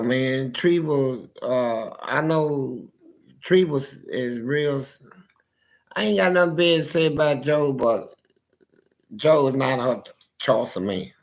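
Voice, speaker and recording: A man with a gravelly, somewhat high voice, telling his life stories in an unhurried, drawn-out way. He is animated, jumping into the voices of the people he describes. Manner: animated storyteller who acts out family voices. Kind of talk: casual storytelling chat.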